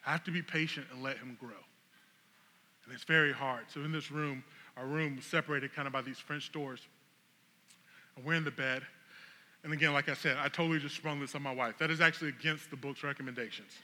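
A man, a pastor, telling a funny, animated story as a sermon illustration. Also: mid-range voice, brisk. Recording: long reverb of a large hall.

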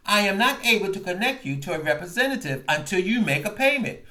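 A man's voice: high voice, big pitch swings, fast, pushed and bright, pitched above the performer's own voice, exaggerated voice. A man voicing a female automated phone-line AI that is polite, scripted and unhelpful. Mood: prim, scripted.

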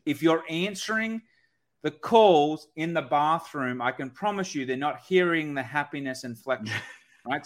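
A man's voice: on the high side, a bit bright. A man talking as a guest expert on a podcast, explaining with lots of energy and often asking "right?". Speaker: guest expert on sales calls. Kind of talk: podcast conversation.

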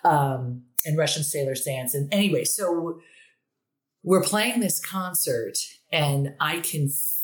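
Low-voiced woman in her fifties, chatty. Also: lively intonation, slow, a little hiss or hum. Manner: chatty storyteller, laughs often. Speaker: guest, university director of bands. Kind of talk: casual interview chat.

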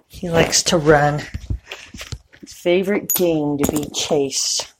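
A woman casually chatting in a morning vlog, talking to her cat in a high coaxing voice. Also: steady tone, takes it slowly, long pauses, slight background noise. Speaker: vlogger. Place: at home and outdoors. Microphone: clip-on microphone.

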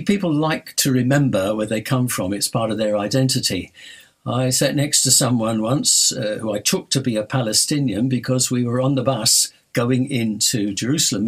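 A man preaching a sermon with a husky, slightly breathy voice. He tells stories to a congregation and slows right down to drive key phrases home. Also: medium pitch. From North London.

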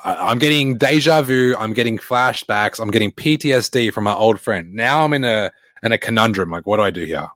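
A man, a fitness coach giving a blunt, swearing motivational talk with animated stories. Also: lowish voice, fairly quick, few pauses, no echo. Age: late 20s.

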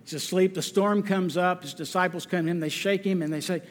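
A pastor with a high voice delivers an earnest sermon, slow and deliberate, and he hammers his points home by repeating them. His voice carries a long reverb through the church. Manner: earnest, deliberate, emphatic repetition.

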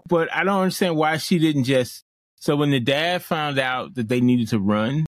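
A man's voice: a little high, moderate pace, no room sound, poor audio. A man co-hosting a podcast, retelling a film's plot in casual chat with restarts and playful asides. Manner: rambling plot recap with restarts and playful quoted voices. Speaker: podcast co-host. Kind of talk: casual chat recapping a film.

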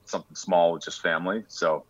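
A man's voice: low voice, fairly even intonation, a little fast, fairly bright tone, dry recording, lo-fi sound. A young man from Rhode Island, a podcast guest talking casually and hesitantly, with many fillers and restarts. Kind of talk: casual interview chat.

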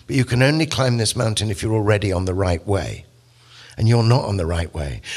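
Blunt ancient poet-guide, low and husky, no nonsense, read by a man. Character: stern ancient male poet guiding a lost man.

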